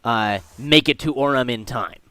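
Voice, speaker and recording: A man's voice: mid-range voice, normal speed, sharp tone, clear, resonant tone, no room sound. A man narrating a tabletop game as game master, in a loose, chatty way with fillers.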